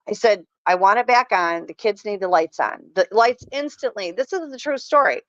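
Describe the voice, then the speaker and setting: A woman's voice: mid-range voice, animated, normal speed, few pauses, no echo. Middle-aged lady telling a story all earnest, dull lo-fi sound, dry. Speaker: podcast guest. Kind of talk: casual chat.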